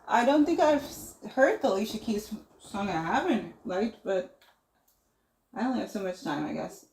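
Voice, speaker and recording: A woman's voice: mid-range voice, animated, moderate pace, vocal fry, darkish tone. A woman hosting a casual livestream, reading viewer messages aloud and musing on them. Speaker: livestream host. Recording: roomy echo.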